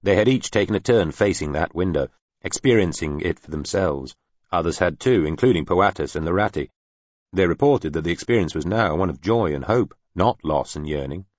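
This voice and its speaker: A man narrating an audiobook in an even, measured reading. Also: sits low, no echo, dull audio. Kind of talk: scripted narration.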